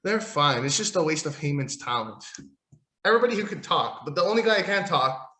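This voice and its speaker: A man's voice: on the high side, expressive, fairly quick, pushed and bright, reverberant. A man hosting a solo wrestling podcast, ranting in a profane, sarcastic, rambling way while losing his voice. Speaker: podcast host.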